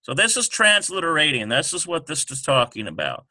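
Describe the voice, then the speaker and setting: A man teaching a lesson over a screen recording, talking haltingly with many ums and self-corrections. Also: on the high side, wildly swooping pitch, bright, forceful tone, no room sound.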